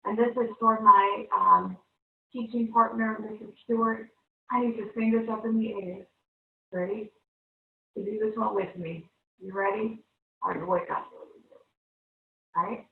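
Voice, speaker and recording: A woman's voice: medium pitch, steady tone, normal speed, gravelly. A woman teaching a televised math lesson to young students, upbeat and coaxing, constantly checking in with the class. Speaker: third-grade teacher. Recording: echoey room, far-off, thin phone-like sound.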